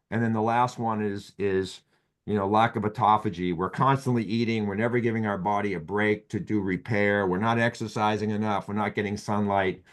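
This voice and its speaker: A man with a Boston accent talking casually on a podcast, rambling with frequent restarts and "you know" as he explains medical ideas. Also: fairly low pitch. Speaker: physician guest.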